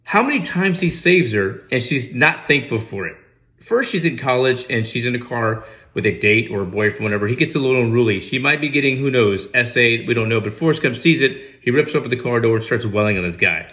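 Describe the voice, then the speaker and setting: A man's voice: mid-range voice, expressive, fairly quick, a bit bright. A man giving casual comedic movie commentary, sarcastic and incredulous with mock outrage. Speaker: movie reaction host.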